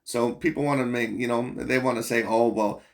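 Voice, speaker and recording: A man's voice: medium pitch, little pitch movement, brisk, creaky. A man hosting a boxing commentary channel, talking bluntly and profanely in a rambling, casual rant full of fillers.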